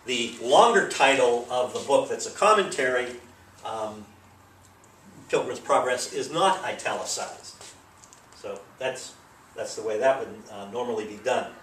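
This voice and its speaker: Male teacher, mid-pitched, talking through a grammar lesson in a meandering way; recorded at a distance in a reverberant room. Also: fairly bright tone, a little hiss or hum. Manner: loose, rambling explanation with many fillers. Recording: echoey room, mic at a distance.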